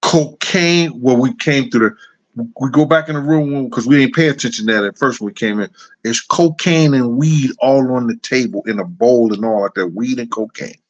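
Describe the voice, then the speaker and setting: A man's voice: mid-range voice, moderate pace, lo-fi sound. A middle-aged man hosting a show, telling casual anecdotes in a loose, repetitive, chuckling way. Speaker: host. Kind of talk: casual storytelling.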